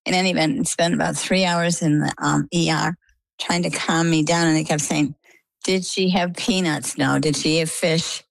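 A middle-aged woman from Maine, a guest in an interview, telling her story in a lively, conversational way and acting out the quoted dialogue. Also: low voice, normal speed, gravelly, no echo, low-quality recording. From Maine, USA.

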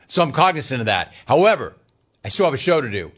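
A man hosting a sports talk radio show, animated and emphatic, swinging between loud and soft. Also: mid-range voice, fast talker, husky.

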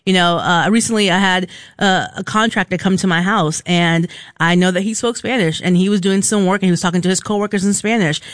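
A radio co-host in casual on-air chat, telling stories in an animated way and acting out the dialogue in them. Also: medium pitch, fairly quick, dry recording, studio quality. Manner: animated storyteller who acts out dialogue.

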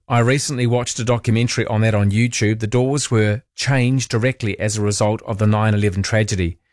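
A man hosting an overnight talk radio show, reading listener messages in a relaxed, chatty, self-deprecating way. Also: fairly low pitch, no echo, studio quality. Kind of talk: late-night radio, reading listener texts. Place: radio studio. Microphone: studio microphone.

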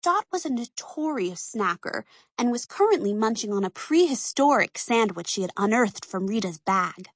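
A woman reads a children's story aloud with a lively voice that swoops up and down. Her tone is a bit husky. The recording is close and dry, with no room sound. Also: on the high side, moderate pace, dry recording. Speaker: narrator.

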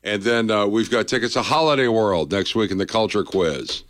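A man's voice: fairly low pitch, moderate pace. A man hosting a morning radio show, chatting and joking in an upbeat way over a faint music bed. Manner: chatty, jokey, lively delivery.

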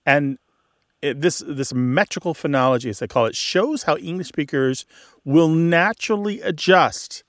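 A man's voice: on the high side, normal speed, fairly bright tone, no echo, clean studio sound. A man hosting a call-in radio show, explaining word usage to a caller with enthusiasm. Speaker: host.

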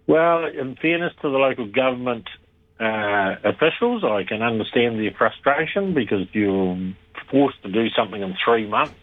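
A man, a radio interview guest talking over the phone in a measured, critical way with thoughtful pauses. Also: medium pitch, lively intonation, no echo. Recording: tinny phone line.

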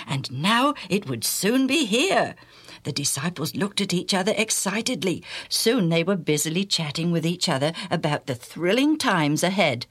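A woman telling a children's Bible story in an expressive way, with exclaimed questions and whispered asides. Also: fairly low pitch, moderate pace, slightly rough.

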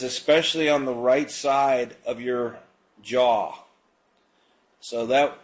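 A man hosting a live call-in prayer show on the radio. He prays and chats in an easygoing, unpolished way, with frequent fillers and restarts. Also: mid-range voice. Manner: prays and preaches in a relaxed, conversational way with frequent fillers. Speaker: radio ministry host.

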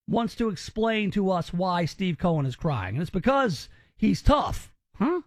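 Male commentary host, higher voice, sarcastic and mocking, dry close sound. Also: big pitch swings, measured pace, few pauses, no echo. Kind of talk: opinionated commentary.

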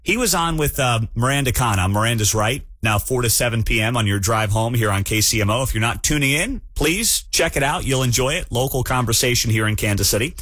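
A man hosting a morning talk radio show, ranting in an animated and incredulous way. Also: medium pitch, fairly quick, hardly any pauses, no room sound.

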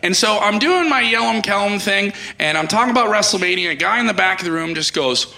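A man doing a stand-up comedy set on a club stage, ranting loudly with lots of animation. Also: high voice, lively intonation, quick pace, gravelly.

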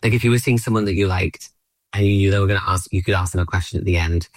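A man from Australia in his late thirties talks in a fairly low voice with a dry, close sound. He rambles in a self-deprecating way, full of "like" and trailing thoughts. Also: racing, dry recording. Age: late 30s. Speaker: comedian guest. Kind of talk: casual chat.

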